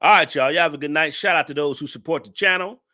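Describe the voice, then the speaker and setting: A man's voice: fairly high pitch, fast, bright, forceful tone. A man hosting a live stream, laughing as he roasts a viewer in loose, slangy casual talk. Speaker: live-stream show host.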